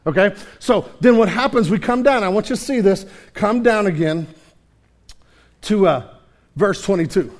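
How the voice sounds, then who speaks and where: A man preaching a sermon, animated, with frequent restarts and casual asides. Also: high voice, moderate pace. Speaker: pastor.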